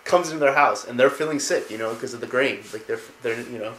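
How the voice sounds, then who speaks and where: A man's voice: mid-range voice, quick pace, sharp tone, slight background noise, low-quality recording. A man casually retelling video game lore, rambling with many fillers.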